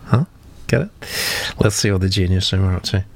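A man's voice: low voice, moderate pace, creaky, darkish tone. A male host reading out comments in a chatty, enthusiastic way with many fillers. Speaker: host of a writing critique session. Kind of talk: reading out listener comments, casual chat.

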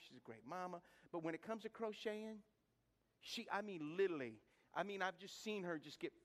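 High-voiced, lively middle-aged male preacher. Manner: lively, humorous, rhetorical questions to the congregation; repeats words and restarts while building stories. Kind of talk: sermon with storytelling.

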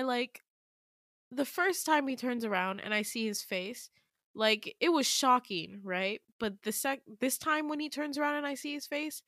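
A young woman hosting a podcast, retelling her dream in casual chat, full of "like" and quick laughs. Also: a little high, bright, forceful tone, no room sound, clean studio sound. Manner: chatty, full of "like", laughs often. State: tearful, emotional. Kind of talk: casual storytelling.

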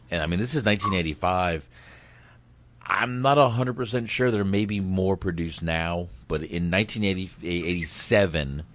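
A man's voice: deep voice, sharp tone, a little hiss or hum. A man giving casual, rambling reaction commentary on a film clip, swearing and restarting his sentences. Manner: rambling, profane, hesitant restarts.

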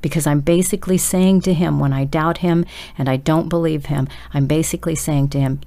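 A woman delivers a sermon in a low, gravelly voice. Her tone is dark and mellow, and she presses every point with urgent, emphatic exhortation aimed straight at her listeners. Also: steady tone, a little fast. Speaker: preacher.

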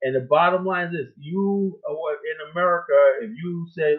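A man's voice: a little high, steady tone, normal speed. A man hosting a casual talk show, chatting loosely and often tagging his points with "you know what I'm saying". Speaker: host. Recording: phone-like narrow audio.

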